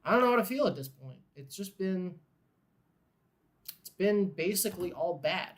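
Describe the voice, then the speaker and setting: A man hosting a live watchalong who mixes glum fan grumbling and swearing with play-by-play calls that build in excitement on big plays. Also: high voice, moderate pace. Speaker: host of a live game watchalong. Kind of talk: casual live game commentary.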